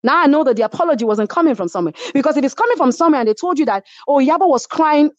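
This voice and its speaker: Woman, Nigerian English accent, lively swooping pitch, emphatic storytelling, dull lo-fi sound. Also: racing, no room sound. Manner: emphatic, acts out others' quoted lines. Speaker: reality show cast member, guest. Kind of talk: animated storytelling.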